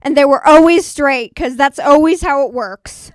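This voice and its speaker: Give me a young woman doing a stand-up set with a dry, close sound, animated and self-mocking. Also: high voice, normal speed, no echo. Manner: animated, self-mocking, bursts into loud acted quotes. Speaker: stand-up performer at an open mic. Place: small live performance venue.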